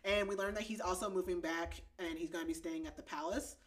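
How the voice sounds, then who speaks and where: A podcast host with a lowish, steady voice talks fast as she casually recaps a romance novel. She says "like" a lot and giggles often.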